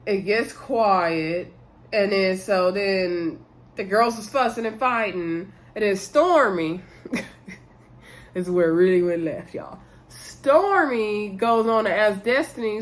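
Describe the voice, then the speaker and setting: A woman hosting a casual reality-show recap vlog, chatty and animated, laughing often and talking straight to her viewers. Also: medium pitch, slow pace. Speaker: YouTube reality-show reviewer.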